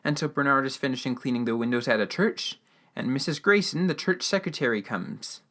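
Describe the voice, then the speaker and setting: A man's voice: medium pitch, a little fast, a bit bright. A man hosting a podcast, giving a casual, rambling recap of a radio drama episode with lots of fillers and restarts. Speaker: podcast host.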